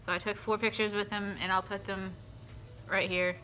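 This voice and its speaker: A young woman vlogging in a casual chat, talking excitedly as a fan and often dropping to soft murmurs. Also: medium pitch, moderate pace, faint music behind.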